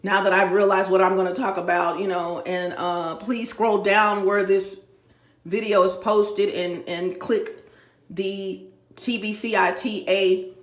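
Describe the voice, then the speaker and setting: A woman's voice: mid-range voice, steady tone, measured pace, roomy sound. A middle-aged woman from Dallas, Texas, ranting in a profane, rambling vlog recorded at home. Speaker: YouTuber. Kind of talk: emotional vlog rant. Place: home room.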